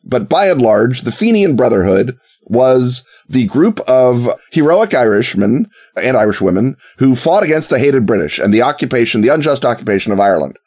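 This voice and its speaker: A man telling a history story in a casual, wry way, with joking asides and quick put-on voices for quoted people. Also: mid-range voice, very animated, darkish tone.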